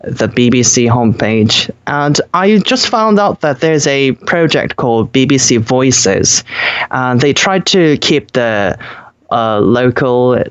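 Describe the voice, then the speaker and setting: A young man from South Korea talks slowly and hesitantly, leaning on fillers and breaking into laughs. His English carries his native Korean. The recording sounds a little dull and lo-fi. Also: mid-range voice, lively intonation, clean tone. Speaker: guest. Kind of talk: casual podcast chat.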